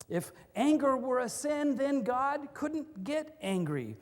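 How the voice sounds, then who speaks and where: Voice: sits high, sing-song, slow pace, few pauses. Preacher telling stories in an echoey church. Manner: conversational, with humorous anecdotes. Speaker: pastor. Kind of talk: sermon with storytelling. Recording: long reverb of a church hall.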